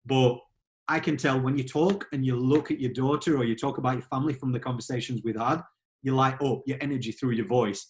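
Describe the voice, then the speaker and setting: A man's voice: medium pitch, steady tone, a little fast. A man hosting an interview, chatty and enthusiastic, often laughing. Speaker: host. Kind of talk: casual interview chat.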